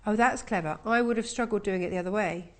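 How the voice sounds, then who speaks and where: A woman's voice: medium pitch, quick pace. A woman presenting a live shopping channel from a TV studio, chatting and selling in upbeat patter.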